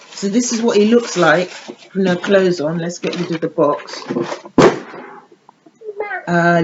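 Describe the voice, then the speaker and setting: A woman chatting casually while unboxing a baby doll, often cooing to her dolls in sing-song baby talk. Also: on the low side. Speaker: doll collector vlogger. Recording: dull lo-fi audio with clear background noise.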